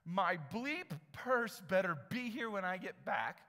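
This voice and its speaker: A male pastor voicing a furious, rude woman who loudly threatens a ride worker, in a reverberant church hall. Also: mid-range voice, expressive, a little slow, voice pushed up. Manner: shouting threats, brash.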